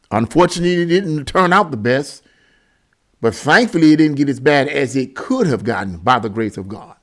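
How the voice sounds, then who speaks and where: A man's voice: mid-range voice, expressive, normal speed, fairly bright tone. A man giving a casual opinion monologue to his viewers, exasperated and preachy, repeating himself and laughing between points. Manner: laughs mid-sentence. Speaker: political commentary vlogger.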